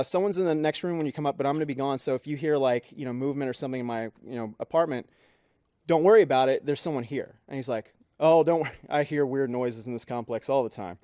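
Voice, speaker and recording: A man's voice: mid-range voice, quick pace, dark tone, no echo, studio quality. A man co-hosting a podcast, telling a story casually and acting out the people he quotes. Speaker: podcast co-host. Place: podcast studio.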